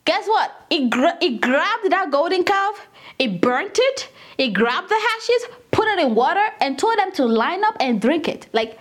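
Animated high-voiced woman teaching scripture. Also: measured pace. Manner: conversational, keeps addressing listeners as "guys"; dramatizes scripture with acted quotes. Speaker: Bible teacher. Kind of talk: casual Bible teaching.

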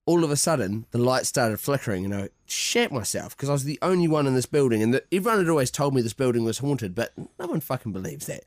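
A man excitedly telling a sweary ghost story as a podcast guest. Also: medium pitch, quick pace, hardly any pauses, dry recording, studio quality. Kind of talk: casual storytelling.

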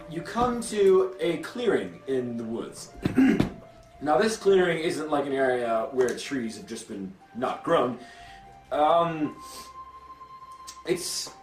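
A man narrating as game master in a tabletop game, hesitant and full of fillers. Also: on the high side. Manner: hesitant, restarts often with many fillers. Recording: roomy echo, distant from the mic, faint music.

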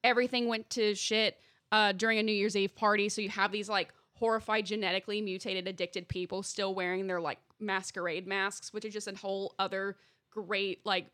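A woman's voice: mid-range voice, level tone, a little fast, a bit bright, no echo, clean studio sound. A young woman co-hosting a podcast, chatting casually and gushing with enthusiasm, full of fillers. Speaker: podcast co-host. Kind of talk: casual chat.

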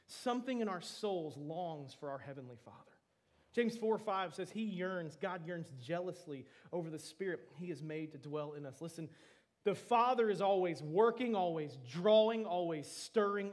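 A young man preaches to his congregation with an earnest, emphatic delivery. His voice sits fairly high for a man, and he keeps dropping in "man" as he pushes his point home. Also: darkish tone. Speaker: pastor. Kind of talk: sermon.

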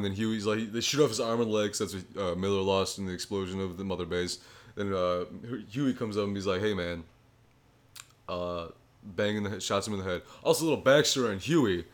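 A man co-hosting a podcast, with a low voice, recapping a story in a rambling, profane casual chat. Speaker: podcast co-host.

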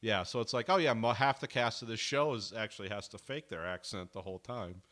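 A man's voice: fairly low pitch, brisk, a bit bright. A man co-hosting a casual chat about a TV episode, rambling and acting out characters' lines. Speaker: podcast co-host.

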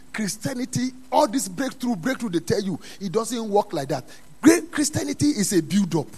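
A man preaching a sermon in a church, dropping to quiet asides and then rising to loud, emphatic calls. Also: high voice, husky. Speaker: pastor.

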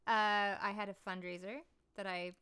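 Young woman, podcast host, casual chat, playful rambling storyteller, smooth clear voice. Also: mid-range voice, level tone, moderate pace, pushed and bright.

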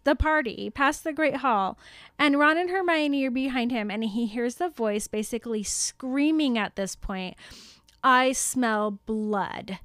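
A woman's voice: high-pitched, no room sound, studio quality. A young woman co-hosting a podcast, recapping a book chapter in casual chat with lots of giggles and "like". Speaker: podcast co-host.

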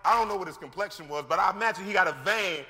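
A male pastor preaching a sermon in an animated, slangy way, acting out scripture scenes as he goes. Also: high-pitched, racing. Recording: long hall reverb.

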